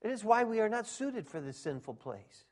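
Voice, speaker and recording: Middle-aged male pastor, high voice, emphatic sermon delivery with sudden loud peaks. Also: sing-song, moderate pace. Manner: emphatic, swings from quiet asides to shouting.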